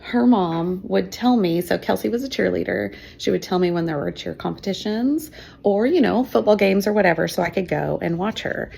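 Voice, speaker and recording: A woman's voice: medium pitch, normal speed, gravelly, a little mellow, breathy edge. A woman in her fifties, a teacher, telling her own adoption story in an emotional, chatty way with fillers and laughs. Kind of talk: personal storytelling.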